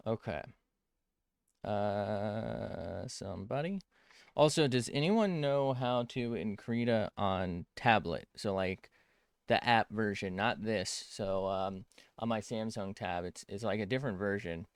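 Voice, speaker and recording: A man's voice: fairly low pitch, measured pace, smooth, dry recording, clean studio sound. A man chatting casually as an art streamer while drawing on a tablet, rambling, cutting himself off mid-sentence and swearing freely.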